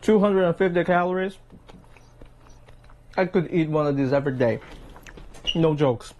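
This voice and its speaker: A man's voice: a little high, normal speed, a little mellow, slight background noise. Chatty man eating on camera. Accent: Philadelphia. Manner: chatty, tags lines with "okay?" and "right?"; eating between lines, savoring sounds. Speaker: fishing vlogger. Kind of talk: casual cooking vlog. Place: home kitchen.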